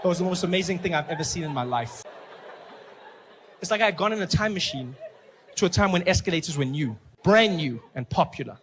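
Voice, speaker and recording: A man's voice: a little high, animated, a little fast, some chatter behind, slight background noise. A man from South Africa doing a stand-up comedy routine, telling stories animatedly and acting out the scenes.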